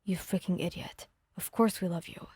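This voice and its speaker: Gruff hot-headed young guy, blunt and sweary, pitched low and mellow, voiced by a woman for an ASMR fanfic reading. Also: fairly even intonation, normal speed, no echo, clean studio sound. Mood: angry.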